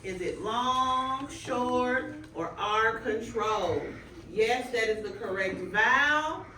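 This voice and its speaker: A woman student teacher running a phonics drill with a class, calling out words slowly and clearly. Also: fairly high pitch, bright, forceful tone, a little hiss or hum. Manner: stretches out target words clearly. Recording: echoey room, mic far off.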